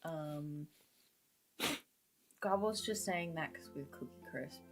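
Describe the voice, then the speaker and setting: Give me a woman with a lower voice, teasing and matter-of-fact in casual chat. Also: takes it slowly, faint music behind.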